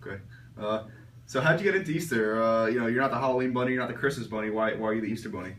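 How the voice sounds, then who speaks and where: A man's voice: fairly low pitch, rapid-fire, fairly bright tone. A young man playing a jokey student interviewer who probes with hesitant fillers in a comedy sketch. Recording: roomy echo, far from mic, faint ambience.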